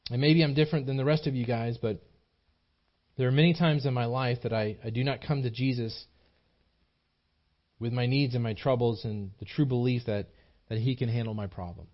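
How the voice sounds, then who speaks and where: Here a pastor preaches at a moderate pace in a steady, medium-pitched voice, the audio muffled. Set in a small church, his sermon is earnest and emphatic, marked by repeated phrases and frequent restarts as his points build.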